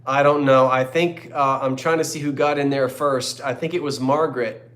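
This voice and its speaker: A man's voice: mid-range voice, fairly even intonation, moderate pace, a bit bright, roomy sound. A man in his fifties hosting a live online antique sale, rambling and joking as he reads out viewers' comments. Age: 50s. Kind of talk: chatty live-stream sales talk.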